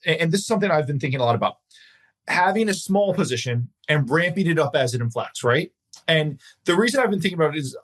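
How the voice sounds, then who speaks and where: A man hosting an interview podcast, his voice sitting a little high. He speaks very fast, winding through long questions and acting out quotes along the way. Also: a bit bright, breathy edge. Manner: rapid, rambling questions with acted-out quotes. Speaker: podcast host. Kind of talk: casual interview talk.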